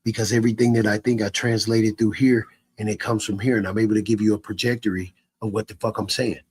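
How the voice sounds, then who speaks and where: A man's voice: on the low side, little pitch movement, fast, darkish tone, breathy edge. A man streaming live, ranting at his chat in a profane, repetitive way with stammered restarts.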